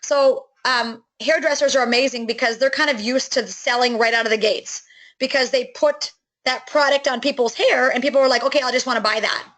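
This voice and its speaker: A middle-aged woman giving an enthusiastic, chatty sales pitch for a network marketing business, with many fillers and restarts. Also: fairly even intonation, moderate pace, fairly bright tone, rough recording.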